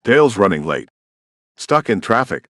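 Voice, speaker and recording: Man doing a paranoid hacker, curt, accusing, low voice, dry close sound. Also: sing-song, normal speed, a bit bright, no room sound. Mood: dismissive. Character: paranoid, suspicious male hacker partner, cold and disapproving.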